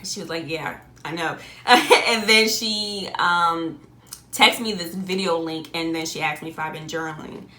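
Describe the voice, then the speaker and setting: A young adult woman telling a personal story in a casual, animated way, often laughing and jumping up high on exclamations. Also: unhurried, roomy sound. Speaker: vlogger.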